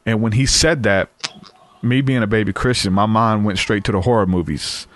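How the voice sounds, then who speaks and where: A man tells his story in an earnest, easygoing way, often restarting his sentences. His voice sits low. The sound is close and dry, with no room echo. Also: moderate pace. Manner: earnest, conversational, frequent fillers and restarts. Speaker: guest sharing testimony. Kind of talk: casual storytelling.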